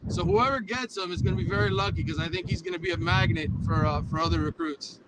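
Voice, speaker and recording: A man's voice: high voice, fast talker, heavy background noise. A man calling in by phone from inside a car, easygoing and laughing often as he talks. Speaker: phone-in guest, youth football coach. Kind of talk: casual phone call from a car.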